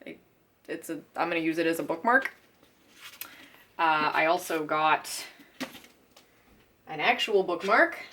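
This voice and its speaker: A woman book vlogger chatting casually to camera, giggly and gushing with fan excitement. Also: deep voice, slight background noise.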